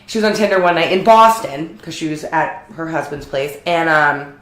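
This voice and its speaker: A woman with a middle-pitched voice co-hosts a loose chat, wandering through stories and laughing along the way. The room around her is echoey. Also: moderate pace, fairly bright tone. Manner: rambling, laughs often, storytelling. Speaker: podcast co-host. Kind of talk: casual chat.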